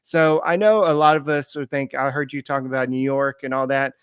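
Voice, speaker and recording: A man co-hosting a sports podcast in casual chat, relaxed and slowing down with ums as he thinks. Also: medium pitch, smooth, no room sound. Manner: relaxed, frequent ums and uhs, slows while thinking. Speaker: podcast co-host.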